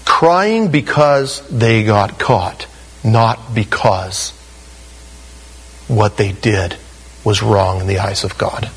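A man's voice: lowish voice, takes it slowly, long pauses, husky, rough recording. A middle-aged man preaching a sermon in a conversational way, acting out the quotes he tells. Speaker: pastor.

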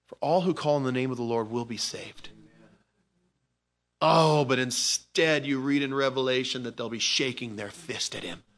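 A man delivering a sermon as a pastor, his voice medium in pitch. He swings between loud, emphatic bursts and quiet, offhand asides, talking informally with repeated words and restarts. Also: normal speed.

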